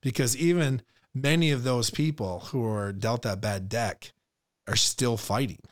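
A man's voice: mid-range voice, unhurried. A man hosting a podcast, talking casually with upbeat, motivational energy and many encouraging replies. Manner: energetic motivational talk, gives encouraging feedback. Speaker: podcast host.

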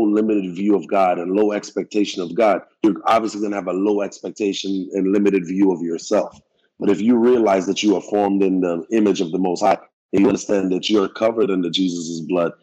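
Low-voiced man explaining earnestly. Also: dark tone, low-quality recording. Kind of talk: casual faith chat.

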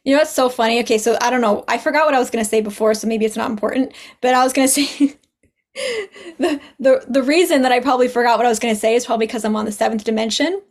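Chatty woman guest with a high voice. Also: rapid-fire. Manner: chatty, laughs often, acts out quoted dialogue. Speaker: podcast guest. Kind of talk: casual podcast chat.

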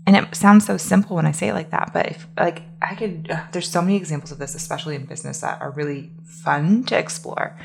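A young adult woman, a business coach, hosts a solo podcast in a low, gravelly voice, talking fast with hardly any pauses. Her casual, emphatic style leans heavily on "like" and "right?" fillers.

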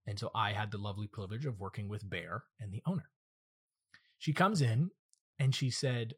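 A man's voice: fairly low pitch, normal speed, husky. A man hosting his own podcast as a dog trainer, teaching and telling stories in a direct, earnest monologue. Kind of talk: solo podcast monologue with storytelling.

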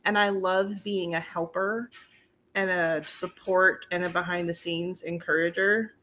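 Animated, bright-voiced woman. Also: on the low side, unhurried. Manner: animated storyteller, acts out quotes, laughs often. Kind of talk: casual chat.

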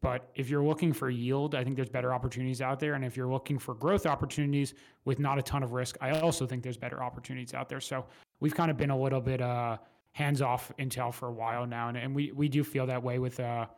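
Flat-voiced male investment guest. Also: mid-range voice. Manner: measured, hesitant with fillers and restarts. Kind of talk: casual finance interview.

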